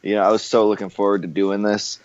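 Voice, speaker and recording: A man's voice: on the low side, level tone, fast, darkish tone. Laid-back man, muffled lo-fi sound. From Canada. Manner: laid-back, rambling, many fillers. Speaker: podcast co-host. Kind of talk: casual podcast chat.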